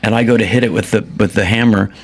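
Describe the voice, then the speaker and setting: A middle-aged man, a comedian guest, telling a story in an animated, halting way with many restarts. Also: on the low side. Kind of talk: casual storytelling.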